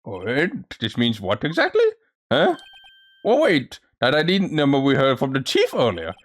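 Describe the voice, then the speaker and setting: A man's voice: medium pitch, huge pitch swings, normal speed, no echo. A man reading a courtroom game aloud and doing every character's voice himself, sometimes stumbling over words. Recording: faint music behind.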